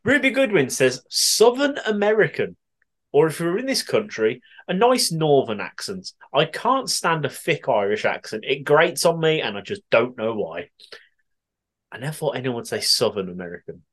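Podcast host, male, from the West Midlands; animated, giggly delivery. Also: medium pitch, normal speed. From West Midlands, England. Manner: chatty and giggly, often laughing and swearing. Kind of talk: casual chat, reading listener answers.

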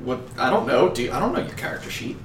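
A man's voice: medium pitch, big pitch swings, fast talker, a little hiss or hum. A man casually narrating as game master of a tabletop game, joking with his players, recorded on a distant shared mic in an echoey room.

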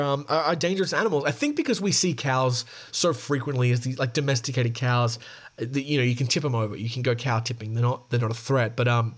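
A man's voice: medium pitch, a little fast. A man hosting a podcast, reading news articles aloud and adding chatty commentary, often stumbling and restarting as he reads.

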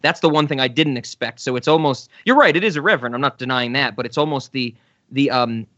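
A man co-hosting a podcast, chatting casually about comedy sketches, laughing often and letting his words trail off softly. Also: medium pitch, fast talker, no room sound, highs cut off. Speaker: podcast co-host. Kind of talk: casual chat reviewing sketches.

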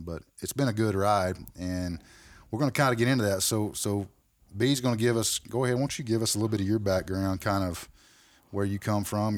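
A man's voice: fairly low pitch, no echo. A man hosting a podcast in a makeshift studio, talking in a folksy, rambling way. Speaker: podcast host. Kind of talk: casual chat.

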